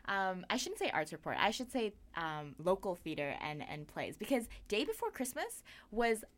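A woman's voice: mid-range voice, sing-song, moderate pace. A woman hosting a casual arts talk show on the radio, rambling along with plenty of fillers.

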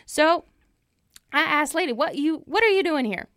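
A woman's voice: high voice, expressive, normal speed, fairly bright tone, dry recording, studio quality. A woman improvising a proud, heartbroken male lone cowboy rancher, telling his tale in a folksy way and repeating phrases for emphasis. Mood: indignant folksy. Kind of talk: improvised comic storytelling.

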